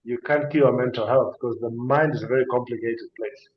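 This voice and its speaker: A man's voice: mid-range voice, fairly even intonation, fairly quick, echoey room, lo-fi sound. A man speaking as a guest on a talk show, explaining mental health earnestly and emphatically, with rhetorical questions and storytelling.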